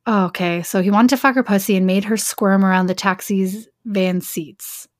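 A woman's voice: medium pitch, steady tone, moderate pace, dry recording. Dry-voiced woman reading a story aloud. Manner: reads aloud, breaking off into joking asides. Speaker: podcast host and story reader. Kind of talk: comic reading of an erotic story.

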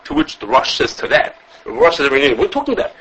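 A man teaching an informal religious law class, talking fast with lots of restarts and acting out the sources he quotes. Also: medium pitch, wildly swooping pitch, fairly bright tone, husky, dull audio. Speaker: Torah teacher.

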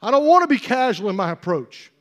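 A male pastor preaching a sermon with emphatic, repetitive phrasing that rises toward shouting. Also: high voice, sing-song, fairly quick.

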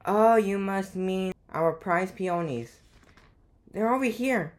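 A woman reading aloud as a friendly, mildly confused gardener, slow and even. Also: mid-range voice, close to an everyday voice.

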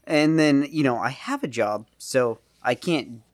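A young man co-hosting a podcast, telling a rambling story with laughs, swinging between loud and quiet. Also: medium pitch, a little slow, dry recording, studio quality. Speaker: podcast co-host. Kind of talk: casual storytelling chat.

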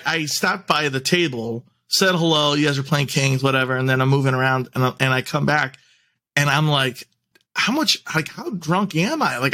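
A young man chatting on a podcast in a plain mid-range voice. He talks loosely and warmly with family, peppering his sentences with "like" and small restarts as he tells a story. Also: mid-range voice. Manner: chatty, heavy use of "like" and restarts. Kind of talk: casual chat.

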